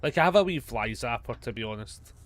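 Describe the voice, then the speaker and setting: A Scottish man talks his way through a game stream in a mid-pitched, chatty voice, with a faint hiss under him. He swears freely and laughs off his own blunders. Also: expressive. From Scotland. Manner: chatty, swears a lot, quick to self-mockery. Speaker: gaming streamer. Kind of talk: casual live gameplay commentary.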